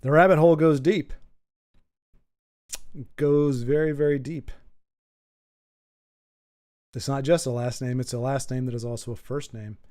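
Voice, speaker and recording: A man's voice: medium pitch, steady tone, measured pace, pauses often, darkish tone. A man hosting a casual stream, reading out chat and thinking aloud, rambling and often repeating words as he goes. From United States. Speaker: livestream host reading chat.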